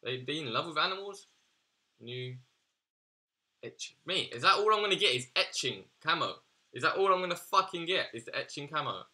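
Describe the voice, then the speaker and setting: A man's voice: mid-range voice, moderate pace, sharp tone. A young man giving casual, exasperated gaming commentary, swearing and slangy as he reacts. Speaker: gaming YouTuber.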